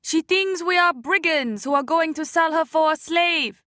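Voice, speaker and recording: A woman voicing a grown fisherwoman who speaks slowly and firmly but kindly. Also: very high-pitched, no room sound, studio quality, voice pushed up. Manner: slow, raised, scolding then gentle.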